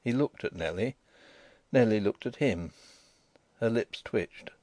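A man giving an expressive, scripted narration of a novel as an audiobook reader. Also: on the low side, a little slow, pauses often, no room sound.

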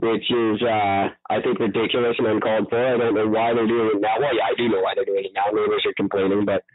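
A man's voice: lowish voice, flat delivery, fast, a loud crowd. A man from Vancouver co-hosting a podcast, chatting casually, with frequent ums and restarts as he makes his points. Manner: hesitant, many ums, stops and restarts, opinionated. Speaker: podcast co-host. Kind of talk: casual chat. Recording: tinny phone-like audio.

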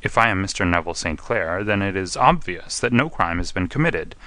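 A man voicing a desperate, refined gentleman prisoner who speaks in pleading, anguished tones. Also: deep voice, expressive, fairly quick, no echo.

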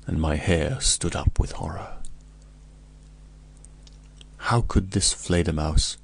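A man narrating a first-person story in a measured, grave reading. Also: low voice, vocal fry, breathy edge. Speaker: audiobook narrator.

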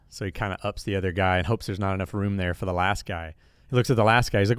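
A man's voice: lowish voice, fast talker, clear, resonant tone, no room sound, studio quality. A man co-hosting a church podcast, chatting casually and telling a story with acted-out quotes. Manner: relaxed storyteller, acts out quoted characters. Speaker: pastor and podcast co-host.

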